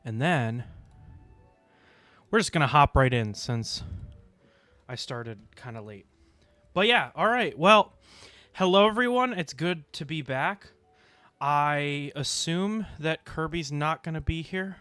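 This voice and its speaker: A young man chatting casually on a game stream, rambling with fillers, clearing his throat and hiccuping now and then. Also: a little high, takes it slowly, pushed and bright, dry recording. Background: faint music.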